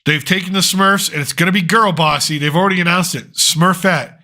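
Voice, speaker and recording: Ranting man with a bright, forceful voice. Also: high-pitched, fast talker. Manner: ranting, profane, sarcastic. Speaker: host. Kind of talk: opinionated pop culture commentary.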